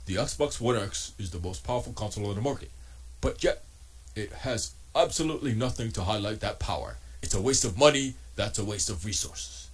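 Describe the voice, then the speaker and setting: A man imitating a smug male podcast host who makes sweeping claims, in a slightly lowered, flatter voice. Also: brisk, breathy edge. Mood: dismissive.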